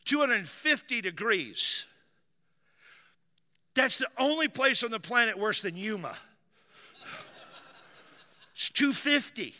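Bright high-voiced man preaching. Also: expressive, slow, long pauses, long reverb tail. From United States. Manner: vivid storyteller acting out dialogue. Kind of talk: sermon with personal storytelling.

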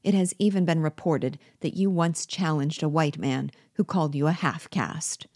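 A woman voicing an excited young male accuser. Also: deep voice, moderate pace, dry recording, studio quality. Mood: accusing.

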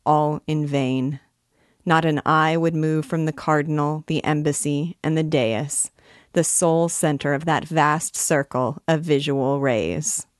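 A woman reading a classic novel aloud in a measured, expressive way. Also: low-pitched, no room sound, studio quality. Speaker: reader and teacher.

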